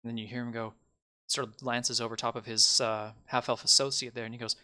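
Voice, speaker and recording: A man's voice: medium pitch, level tone, fairly quick, sharp tone. A man narrating a tabletop game as game master in a casual, loose way. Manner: casual narration with fillers, swearing.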